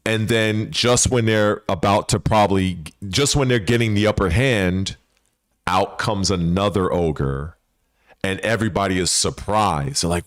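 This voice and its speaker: A man's voice: low-pitched, unhurried, no room sound, studio quality. A man hosting a gaming channel, rambling in casual speculative commentary with swearing and frequent restarts.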